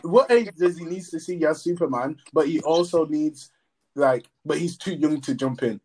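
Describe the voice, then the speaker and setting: A man's voice: on the high side, moderate pace, dark tone, breathy edge, rough recording. A young man, steering a casual podcast chat with questions and laughing often.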